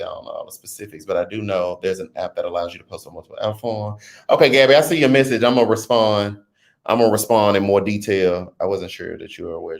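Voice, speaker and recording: A man hosting a casual livestream, reading viewer comments and chatting with his audience in an animated, talkative way. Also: fairly low pitch. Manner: chatty, animated, talks straight to his chat. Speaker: livestream host.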